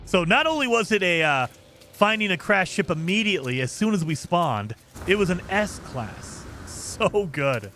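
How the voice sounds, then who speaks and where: While streaming a game, a man casually reacts to live chat comments with lots of fillers. His high-pitched voice swings widely in pitch, sounds sharp, and moves a little slowly, with slight background noise.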